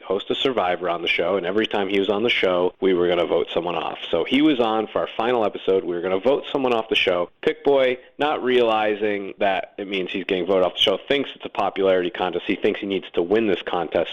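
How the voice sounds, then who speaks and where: A man being interviewed, casually telling lively behind-the-scenes stories and acting out the quotes. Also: low-pitched, muffled recording. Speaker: guest, former kids' TV host and producer.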